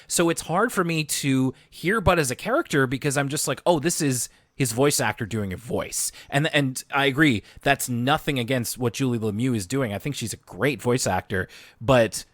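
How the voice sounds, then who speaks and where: A man's voice: medium pitch, fairly bright tone, no echo, clean studio sound. A man co-hosting a podcast in casual chat, agreeable and rambling, often restarting and stammering mid-sentence. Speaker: podcast co-host.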